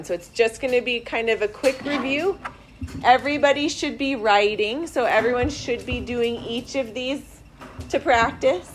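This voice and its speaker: A woman math teacher in a classroom, walking students through problems step by step in a slow, deliberate way. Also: on the high side, a little hiss or hum. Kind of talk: classroom instruction.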